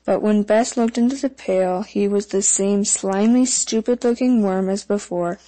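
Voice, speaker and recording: Dark-toned woman reading fairy tales. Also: medium pitch, moderate pace, hardly any pauses, rough recording. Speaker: audiobook narrator. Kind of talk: fairy tale audiobook narration.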